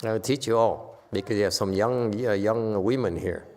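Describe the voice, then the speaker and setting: A man giving a casual Buddhist talk to a group, with loud bursts when he acts out quoted lines. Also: lowish voice, normal speed, long reverb tail. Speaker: Buddhist teacher. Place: temple hall.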